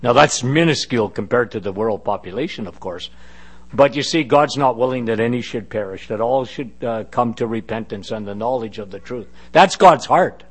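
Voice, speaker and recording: A man's voice: medium pitch, expressive, moderate pace, breathy edge. A man preaching a sermon, emphatic and fervent, repeating phrases for weight and turning to the congregation with chatty asides. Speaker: pastor.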